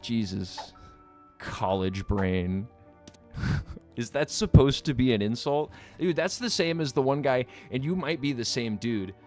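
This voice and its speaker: A man's voice: fairly low pitch, darkish tone. A man livestreaming, reading out his chat and answering it in a combative, sarcastic way, swearing freely and laughing at his own jokes. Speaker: streamer.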